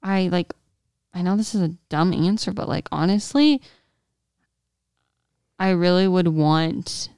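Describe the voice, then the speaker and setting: Young woman co-host, giggly and rambling, smooth clear voice, dry close sound. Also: on the low side, measured pace, long pauses, darkish tone, no room sound. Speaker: podcast co-host. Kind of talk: casual chat.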